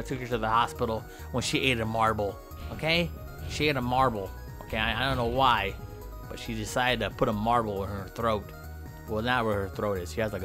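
A man giving goofy, trash-talking gameplay commentary with sudden high yelps and shouts. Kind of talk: comedic let's-play commentary.

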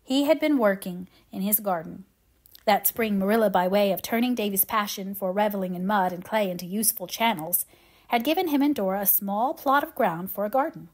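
A woman reading a classic novel aloud in an even, measured storytelling voice. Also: medium pitch. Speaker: audiobook reader.

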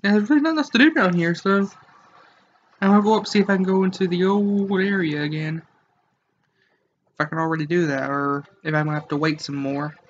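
Young male let's player, high voice, jokey rambling, muffled mic with faint hiss. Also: a little fast. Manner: joking, rambling, talks to viewers. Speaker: gamer. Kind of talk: casual let's play commentary.

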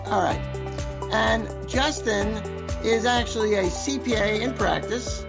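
Podcast host, man, New York accent, gravelly, chatty and teasing. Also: high voice, loud music behind the voice. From Long Island, New York. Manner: joking, chatty, drawn-out phrasing. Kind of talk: casual chat.

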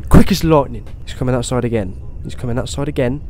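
A young man playing a horror game, talking to himself and swearing, with sudden excited outbursts. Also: mid-range voice, fast, few pauses, a little hiss or hum. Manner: swears, talks to himself, swings between muttering and excited outbursts. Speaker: gaming YouTuber. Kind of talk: horror game let's play commentary.

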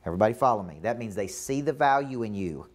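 Emphatic Southern business coach. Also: male voice, fairly low pitch, expressive, fast talker. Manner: emphatic, repetitive, checks in with the room. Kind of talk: live coaching seminar.

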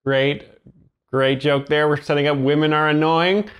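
A man giving slow, halting, deadpan commentary that explains jokes literally. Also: fairly high pitch, smooth. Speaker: joke explainer.

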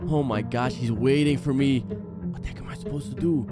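A young man narrating a horror game he is playing, jumping between hushed muttering and startled yelling. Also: mid-range voice, moderate pace, music in the background. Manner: jumpy, exclaiming, swings between hushed and yelling. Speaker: gaming channel host.

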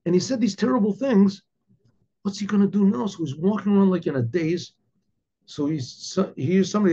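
A rabbi tells a folk story with lively animation and frequent restarts. His voice is high and husky, and the recording sounds dull and lo-fi. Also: brisk. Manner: animated, repeats words while telling a story.

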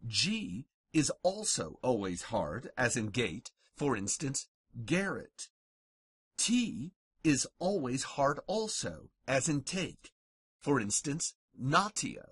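A man narrating a scripted lesson as a language teacher, carefully and deliberately sounding out each example word. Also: medium pitch, sing-song, breathy edge, dry recording, studio quality.

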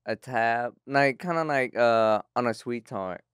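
A young man, telling a story on a podcast in a halting, laid-back way full of fillers. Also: mid-range voice, fairly bright tone, clean tone, no echo, clean studio sound. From Texas. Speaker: comedian and rapper, podcast guest.

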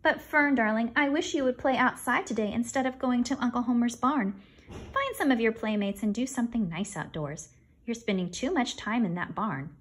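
A woman's voice: on the high side, animated, normal speed, a little hiss or hum, natural voice. A woman voicing a stern, worried farm mother scolding her daughter in a storybook reading. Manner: firm, scolding.

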